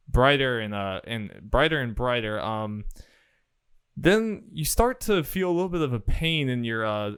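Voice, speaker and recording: A man's voice: medium pitch, fairly bright tone, clear, resonant tone, no room sound. A man narrating as dungeon master, describing scenes with lots of fillers and restarts. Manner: rambling, filler-heavy description. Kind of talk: narrating a tabletop game.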